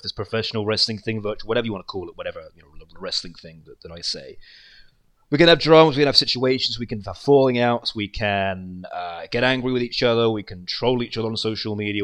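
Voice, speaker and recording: A man who makes an online wrestling show, speaking a casual tribute and rambling through stories that trail off softly. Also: lowish voice.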